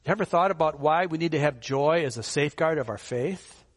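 A man's voice: a little high, expressive, a little fast, in a large hall. A male pastor preaching a sermon in a conversational way, asking his listeners rhetorical questions and chuckling now and then.

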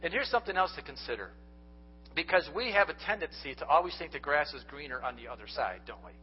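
A man's voice: fairly high pitch, lively intonation, fast talker, slight background noise. A man preaching a sermon as pastor, speaking earnestly and directly to his congregation and telling folksy stories. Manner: folksy storytelling. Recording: dull lo-fi recording.

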